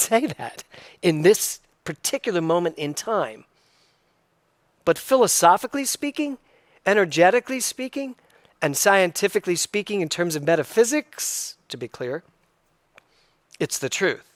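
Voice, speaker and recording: Middle-aged male minister, slightly high voice, conversational emphatic sermon, dry close sound. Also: a bit bright, no room sound. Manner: conversational, emphatic, repeats key phrases.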